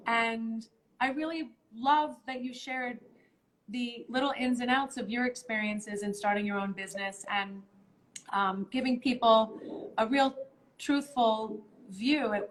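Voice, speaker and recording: Woman hosting a phone live stream, bit high voice, lots of ums, talks it through step by step. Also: fairly bright tone, slight background noise, rough recording. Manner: thoughtful, explains step by step with many ums. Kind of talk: casual live-stream chat.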